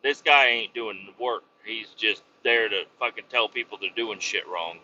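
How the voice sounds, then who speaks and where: A man's voice: fairly low pitch, a little slow, pushed and bright. A man hosting a podcast, casually telling a rambling, profane story about his work as a truck driver. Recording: dull lo-fi with faint noise.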